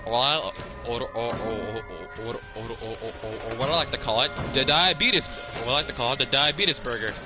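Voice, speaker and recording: A man at ordinary pitch rambles through a story on a podcast, swearing freely and stumbling over repeated words. His delivery is animated and loose, and music plays clearly behind him. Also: moderate pace, few pauses. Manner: animated, profane storytelling with frequent repetitions. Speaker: podcast host. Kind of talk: casual chat.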